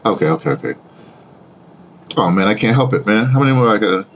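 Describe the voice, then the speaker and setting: In a chatty vlog, a man with a fairly low voice and lively intonation talks fast about music and how his day went. He wanders from point to point and sings along with a record, with slight background noise behind him.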